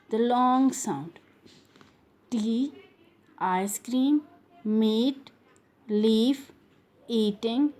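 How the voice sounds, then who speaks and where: A woman's voice: a little high, slow, dark tone. A woman teaching a phonics lesson to young pupils, repeating each sound and word over and over.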